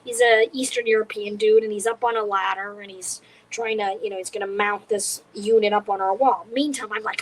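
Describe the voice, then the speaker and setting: A woman comedian telling a story in a casual interview, animated and acting out other people's lines. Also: mid-range voice, brisk, few pauses, slight background noise, low-quality recording. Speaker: comedian guest. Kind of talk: conversational storytelling.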